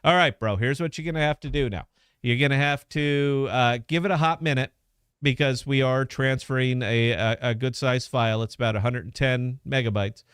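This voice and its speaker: A man's voice: mid-range voice, normal speed, a bit bright, clear, resonant tone, no echo, clean studio sound. A man hosting a podcast, talking casually and profanely as he walks listeners through an app step by step. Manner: loose, profane, instructional. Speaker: podcast host.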